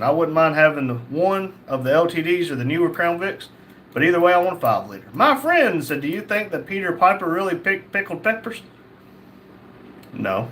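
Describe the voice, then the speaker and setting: A man's voice: a little high, slight background noise. A man hosting a casual livestream, reading viewer messages aloud and joking back at them. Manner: jokey, laughs often, reads messages in a flat quoting tone. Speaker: livestream host.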